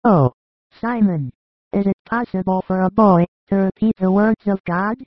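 A reader voicing a gentle, devout young male disciple who recites in a steady, reverent way in a dramatized audiobook. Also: mid-range voice, moderate pace, no room sound, muffled recording, close to an everyday voice.

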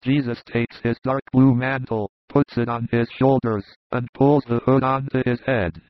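A man narrating a devotional vision as an audiobook, in an even, solemn, unhurried manner. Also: medium pitch, no room sound. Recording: dull dry close recording.

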